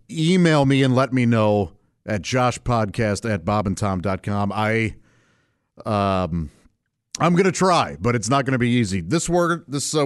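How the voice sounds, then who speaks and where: In a casual solo show, a podcast host meanders along, repeatedly restarting his sentences and chuckling to himself. His voice is medium in pitch, with no room sound and studio-quality audio.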